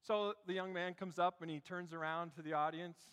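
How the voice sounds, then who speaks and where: High, bright-voiced preacher in a reverberant hall. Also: male voice, flat delivery, fairly quick, hardly any pauses. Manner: storytelling preacher, dropping to a hush for emphasis. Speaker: pastor. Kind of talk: sermon.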